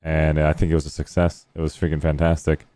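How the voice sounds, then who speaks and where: Low-voiced guy on a voice chat call, hyping everyone up, dry sound. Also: monotone, fast talker, warm tone, no room sound. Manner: effusive, praising. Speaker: streamer hosting a post-match debrief. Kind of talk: casual voice chat.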